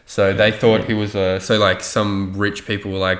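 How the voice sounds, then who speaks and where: A man's voice: lowish voice, flat delivery, a little fast, hardly any pauses, fairly bright tone, reverberant. A man telling a rambling story in casual chat, swearing freely and loose with his facts.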